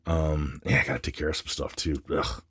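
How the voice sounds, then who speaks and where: A man's voice: a bass voice, level tone, a little fast, fairly bright tone, breathy edge, no echo. A man vlogging while unboxing comics, grumbling and swearing in a casual, exasperated rant. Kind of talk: casual ranting unboxing vlog.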